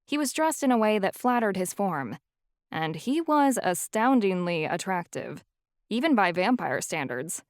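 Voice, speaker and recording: A woman narrating a first-person audiobook in an even, wry storytelling way. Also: medium pitch, measured pace, no room sound, clean studio sound.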